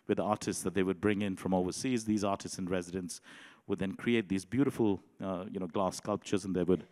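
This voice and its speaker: Man, conference presentation, measured delivery, lowish voice, long reverb of a large hall. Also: darkish tone. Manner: measured, with frequent um and you know. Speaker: conference speaker.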